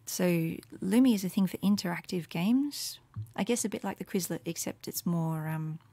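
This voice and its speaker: A woman with a lowish voice talks through her Latin teaching materials in a relaxed, meandering way. She fills gaps with ums and drops into soft murmured asides. The sound is dry and close, with no room echo. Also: moderate pace, husky. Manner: casual and rambling, with many fillers and soft murmured asides. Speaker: Latin teacher making resources. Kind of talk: screen walkthrough tutorial.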